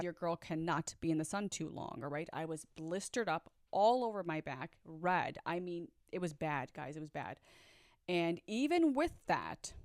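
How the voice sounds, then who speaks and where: Low-voiced woman telling a candid story. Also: darkish tone, no room sound, clean studio sound. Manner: candid, chatty, swears, speaks straight to viewers. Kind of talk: casual storytime monologue.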